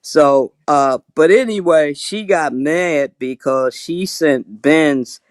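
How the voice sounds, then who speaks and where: A man's voice: on the high side, slow pace, no room sound, clean studio sound. A man on a livestream panel over an online call, taunting and insistent as he spills gossip. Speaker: panel participant. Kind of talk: confrontational livestream panel talk.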